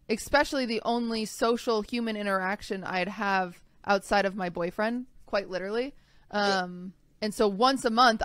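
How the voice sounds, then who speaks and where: A woman's voice: mid-range voice, a bit bright, clean tone, no room sound. A young woman co-hosting a podcast, telling a personal story in a rambling, casual way with lots of fillers. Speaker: podcast co-host. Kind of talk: casual chat.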